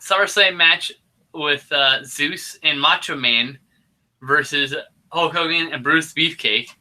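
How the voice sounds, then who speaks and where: A man with a bright, forceful, somewhat high voice chats casually about a bad movie. He talks in a loose, profane, animated way, joking with his co-host. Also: takes it slowly. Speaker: podcast co-host. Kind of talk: casual movie review chat.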